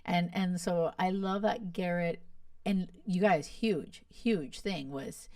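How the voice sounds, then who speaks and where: Gushing chatty woman, low voice, dry sound. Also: takes it slowly, mellow, dry recording, recorded from a distance. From Miami. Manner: gushing, chatty, lots of "like" and "you guys". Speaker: podcast host. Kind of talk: casual chat.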